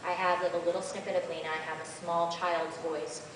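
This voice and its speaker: Chatty voice actress on a con panel, rambling, big echoey room, taped from the back. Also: female voice, on the low side, little pitch movement, brisk, background noise. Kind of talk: convention panel Q&A. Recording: echoey hall from far off.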